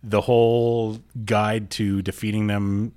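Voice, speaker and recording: A man's voice: on the low side, little pitch movement, slow, a little mellow, clear, resonant tone, no echo, studio quality. A man co-hosting a podcast, easygoing, mostly reacting with short remarks. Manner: easygoing, brief reactions, laid-back. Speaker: podcast co-host. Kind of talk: casual chat. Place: home kitchen.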